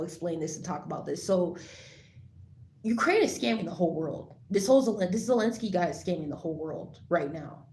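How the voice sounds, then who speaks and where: A woman talking casually to the camera, rambling with lots of fillers and restarts, turning loud and heated as she rants. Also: lowish voice. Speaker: vlogger. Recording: echoey room, faint background noise.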